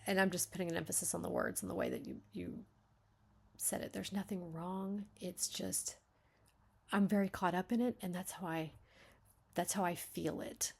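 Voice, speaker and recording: Gravelly-voiced woman critiquing a manuscript. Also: on the low side, very animated, normal speed. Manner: thinks aloud, stopping and restarting; acts out lines to show emphasis. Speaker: beta reader giving feedback.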